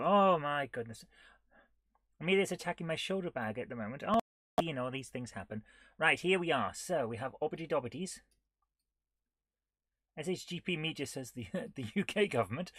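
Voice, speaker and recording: A woman's voice: sits low, animated, moderate pace, long pauses, fairly bright tone, slightly rough, dry recording. A woman chatting casually on a live coding stream, giggling often and reading on-screen text aloud in a playful way. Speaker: retro gaming streamer.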